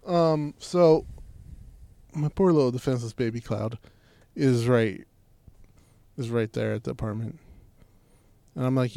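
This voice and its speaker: A man's voice: medium pitch, moderate pace, gravelly, long pauses, warm tone, dry recording. A man co-hosting a casual podcast, talking crudely and joking around with his friend. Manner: profane, joking, mock voices. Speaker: podcast co-host.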